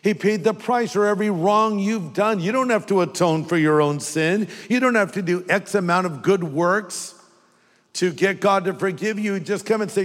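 A man's voice: high voice, animated, normal speed, long reverb tail. An older man preaching a sermon in a church, talking to the congregation in a conversational way and acting out the voices he quotes. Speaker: pastor.

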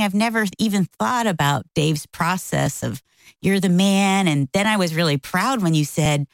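A woman's voice: normal speed, vocal fry, dry recording, rough recording. A middle-aged woman co-hosting a casual talk show, telling a story and acting out quotes with big jumps in her voice. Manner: animated, acts out quotes with big pitch jumps. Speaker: co-host.

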